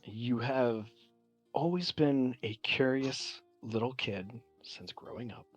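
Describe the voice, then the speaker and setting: A composed mother speaks with quiet pride and an undertone of sternness, put on by a man at the table. The delivery is measured and soft, sometimes sinking almost to a hush. The sound is dry and close, with faint music underneath. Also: medium pitch, breathy edge, no echo. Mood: proud, stern.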